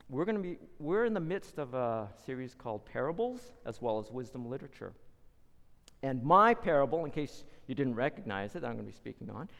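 A man's voice: mid-range voice, in a large hall. A man preaching a sermon, retelling a parable with dramatic, acted-out voices. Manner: dramatic storytelling, acting out voices.

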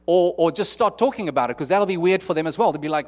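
A man's voice: sits high, quick pace, few pauses. A man preaching a sermon in an earnest, conversational way, often restarting and acting out what people might say. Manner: earnest, conversational, with many restarts and acted-out quotes. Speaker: pastor.

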